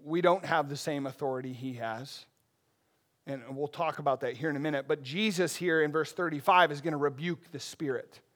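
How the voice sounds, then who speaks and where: Man, pastor, high voice, conversational sermon, animated asides to the congregation. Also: a little fast. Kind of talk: expository sermon.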